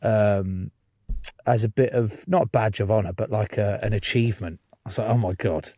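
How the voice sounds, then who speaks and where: A man's voice: fairly low pitch, steady tone, moderate pace, warm tone, no echo, clean studio sound. A man, a podcast guest telling stories in casual chat, swearing freely and laughing as he goes.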